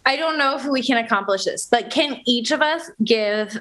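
A woman's voice: on the high side, normal speed, fairly bright tone. An American woman co-hosting a podcast, chatting with enthusiasm and cheering on her guest. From United States. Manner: enthusiastic, encouraging. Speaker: co-host. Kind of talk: casual podcast chat.

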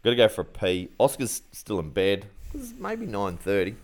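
A man's voice: lowish voice, wildly swooping pitch, moderate pace. A middle-aged man with an Australian accent, telling a story on a podcast with laughs and acted-out quotes. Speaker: podcast co-host. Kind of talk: casual chat.

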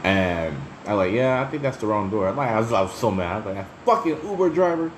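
Low-voiced man telling stories, swearing freely. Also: fast, slight background noise. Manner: laughs often, swears freely, chatty and animated when telling stories. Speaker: solo podcast host. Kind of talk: casual profane storytelling monologue.

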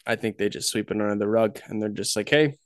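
A man's voice: lowish voice, completely flat delivery, no echo. Man reviewing a film, dry mic. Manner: measured, summarizing plot and reading quotes. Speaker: podcast co-host. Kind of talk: casual movie review chat.

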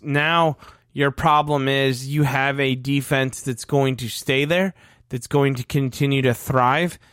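A man's voice: mid-range voice, fairly bright tone, clear, resonant tone, no echo, studio quality. A man in his thirties ranting on a fan sports podcast, profane and heated. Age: 30s. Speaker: podcast co-host.

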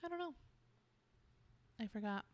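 A woman hosting a casual podcast chat, self-deprecating and quick to laugh. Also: a little high, lively intonation. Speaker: podcast host.

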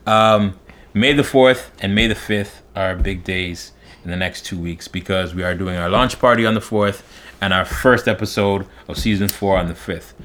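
A young man with a fairly low voice co-hosts a livestream podcast. He greets viewers by name and promotes upcoming episodes with upbeat energy. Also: moderate pace, fairly bright tone. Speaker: podcast co-host. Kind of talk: casual livestream chat.

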